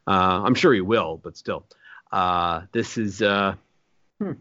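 A man's voice: deep voice, takes it slowly, fairly bright tone, no room sound, highs cut off. A man co-hosting a casual sports betting podcast, musing aloud with lots of hesitations and fillers. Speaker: podcast co-host.

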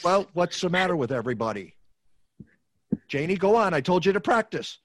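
A man's voice: high voice, very animated, a little fast, no echo. A frazzled middle-aged family man snaps in exasperated outbursts, as a man acts him out. His voice leaps around, dry and close, in a comedic radio-style spoof. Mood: irritable.

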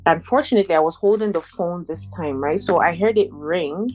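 A young woman candidly recounting a personal experience in a halting, conversational way, with many fillers and restarts. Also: on the low side, a little mellow, muffled recording, faint music behind. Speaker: interviewee sharing a personal story.

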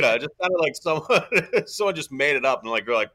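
A man's voice: fairly high pitch, expressive, brisk, sharp tone. A man from Baltimore, a comedian guest chatting casually and joking around, now and then slipping into silly put-on accents.

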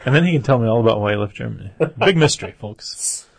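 Husky, low male co-host; loose jokey banter about films. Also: lively intonation, fast talker. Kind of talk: casual film discussion.

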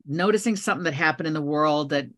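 Low-voiced woman telling a story. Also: quick pace. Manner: animated storyteller. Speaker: guest author. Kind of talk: storytelling in a podcast interview.

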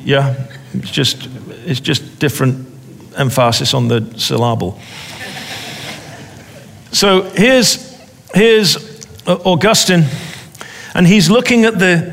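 A man preaching a sermon in a deliberate way, repeating phrases for emphasis. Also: a little high, a bit bright, big-room sound.

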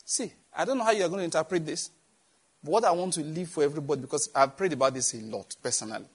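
A man's voice: fairly high pitch, fast, breathy edge. A middle-aged man preaching a sermon, emphatic, repeating phrases and asking the congregation questions. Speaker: pastor.

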